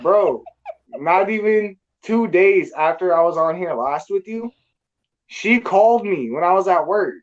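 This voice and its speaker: A man from California tells a story in casual, crude, profane language. His voice sits a little high for a man, and the recording is dull and lo-fi. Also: a little slow. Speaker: storyteller guest.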